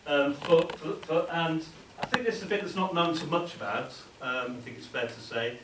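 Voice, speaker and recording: A man presenting a seminar to an academic audience, talking informally and haltingly, often repeating words mid-sentence. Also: a little high. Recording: echoey room, distant mic, faint hiss.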